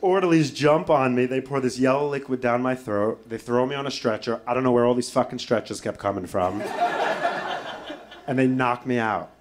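A male comedian telling a story on stage in an animated way, swearing freely and breaking into impressions. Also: medium pitch. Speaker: stand-up comedian. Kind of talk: stand-up storytelling. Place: stage before a live audience.

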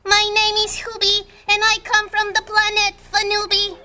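A woman voicing a young girl who pretends to be a stern alien, speaking in a flat, robotic way. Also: very high voice, normal speed, background noise. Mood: stiff.

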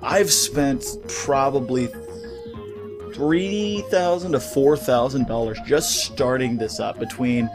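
A man's voice: mid-range voice, slow, over music. A man ranting in a casual vlog on a studio mic with a pop filter, heated, profane and rambling. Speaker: gaming YouTuber. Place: home recording setup.

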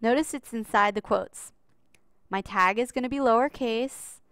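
A woman's voice: on the high side, normal speed, fairly bright tone, clear, resonant tone, no room sound. A woman teaching a recorded writing lesson over slides, in a chatty, upbeat way and talking straight to her students.

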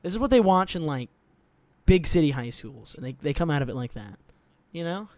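A man's voice: a little high, fairly quick, no echo. A young man hosting a music reaction video, chatting casually and rambling with lots of swearing and jokes. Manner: rambling, profane, jokey, animated.

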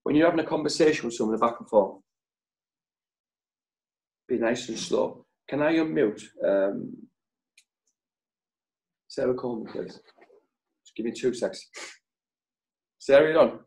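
A man leading a sales training session over a video call, speaking in short, punchy phrases with deliberate pauses. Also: medium pitch, darkish tone, poor audio. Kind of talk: motivational training talk.

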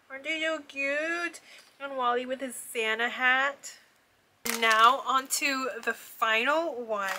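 A woman casually unboxing gifts in a vlog, gushing and excitable, with frequent gasps of delight. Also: high-pitched, background noise. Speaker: vlogger opening a gift box. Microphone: ring light setup, camera on a desk.

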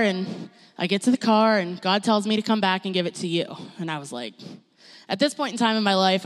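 A young woman giving a personal testimony in church, telling her story in an animated way and acting out what others said. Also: mid-range voice. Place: church sanctuary. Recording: long reverb of a church hall.

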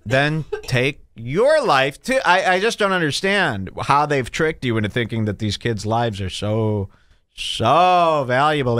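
A man hosting a comedy podcast, ranting in a mocking, sarcastic way and jumping into put-on high voices. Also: fairly bright tone, no echo, clean studio sound. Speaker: podcast host. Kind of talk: provocative comedy podcast rant.

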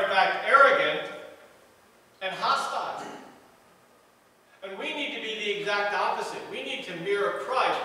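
A man's voice: high voice, sharp tone. A man preaching a sermon as pastor of a church, earnest and repetitive in his cadence. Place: church sanctuary. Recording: echoey church hall from far off.

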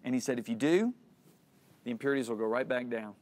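A man's voice: mid-range voice, quick pace, a little mellow. A middle-aged man teaching a Christian lesson, telling a personal story in an earnest way and acting out the lines of the people in it. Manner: earnest storytelling, acts out dialogue.

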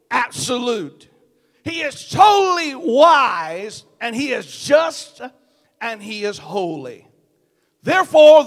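A man with a Southern US accent preaching a sermon in a church, swinging from quiet, prayerful lines up to loud, shouted declarations. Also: very high-pitched, vocal fry, long reverb tail. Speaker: pastor. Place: church sanctuary.

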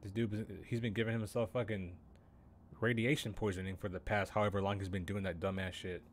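A man's voice: lowish voice, level tone, a little fast, slight background noise. Incredulous, swearing young streamer guy. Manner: incredulous, profane, heavy on "bro". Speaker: game streamer. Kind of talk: casual live-stream ranting.

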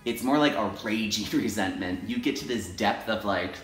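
Expressive man vlogging in an echoey room. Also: moderate pace, few pauses, faint music behind. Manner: expressive, jumps into high acted inner voices; ends softly with self-affirmations. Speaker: teacher and video blogger. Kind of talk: personal confessional vlog.

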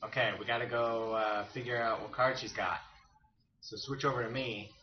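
A man's voice: medium pitch, steady tone, moderate pace. A man gamer in casual let's-play chat, teasing and guiding the player, laughing often. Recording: dull, roomy, distant mic with faint noise.

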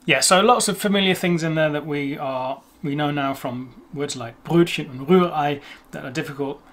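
A man's voice: fairly high pitch, a bit bright. Chatty English man teaching pronunciation. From England. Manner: chatty, self-deprecating, slows to sound out words. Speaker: language teacher. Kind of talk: casual explanatory lesson.

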